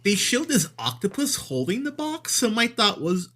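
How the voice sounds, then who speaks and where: A man chatting through a film review in a loose, animated way, his pitch sitting a little high and bouncing all over. He swears freely and breaks into laughter as he talks. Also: moderate pace. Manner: animated, profane, laughs often. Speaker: podcast host. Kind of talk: casual movie review chat.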